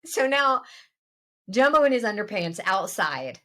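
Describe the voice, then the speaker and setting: A woman co-hosting a podcast, telling a family anecdote in a casual, animated way and laughing along the way. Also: medium pitch, unhurried. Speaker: podcast co-host. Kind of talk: casual storytelling chat.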